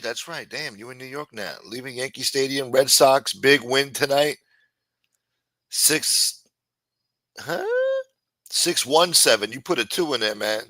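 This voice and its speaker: A bright, forceful man hosts a late-night live stream and riffs on viewer comments. His talk rambles and is full of cursing. The sound is dry and close to the mic. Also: mid-range voice, no room sound. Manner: profane, rambling and riffing. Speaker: live-stream show host. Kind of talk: casual chat, reading viewer comments.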